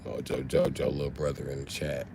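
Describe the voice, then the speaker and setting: A man's voice: completely flat delivery, a little fast, vocal fry, noisy background. A man in his late thirties on a casual livestream, reading chat aloud and roasting viewers with profanity. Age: late 30s. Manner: trash-talking, mocking chat users with shouted high bits.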